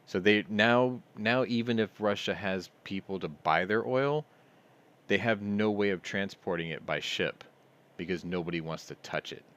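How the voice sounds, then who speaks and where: Male stream host, deep voice, casual news commentary, dry and sardonic. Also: moderate pace, a bit bright, muffled recording. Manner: sardonic, reads headlines then riffs on them.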